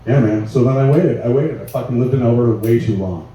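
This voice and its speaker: A man with a very dark, mellow voice works a small live room with loose, profane stand-up. He sounds a little distant from the mic, in a very echoey space with a faint hiss behind him. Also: medium pitch, fast. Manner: loose, profane, laughing through his bits. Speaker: stand-up comedian. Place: small live venue with an audience.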